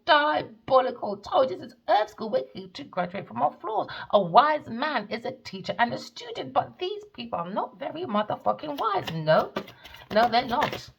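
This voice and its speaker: A woman's voice: fairly high pitch, gravelly, a little hiss or hum. A woman giving a tarot reading as a profane, scornful rant, swinging into mocking sing-song taunts. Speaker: tarot reader.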